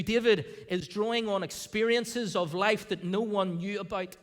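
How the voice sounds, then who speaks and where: A male pastor preaching a sermon in a church, animated, acting out the voices of the people in the scripture. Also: high voice, normal speed, hardly any pauses, in a large hall. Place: church sanctuary.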